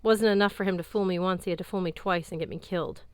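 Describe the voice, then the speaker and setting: Woman doing a sharp-tongued young warrior girl, clipped and scoffing, smooth clean voice, dry sound. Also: lowish voice, steady tone, fast talker, no room sound, natural voice. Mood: bitter. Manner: sardonic, clipped and brusque. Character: fierce bitter young woman warrior, sardonic. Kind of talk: audiobook character voice.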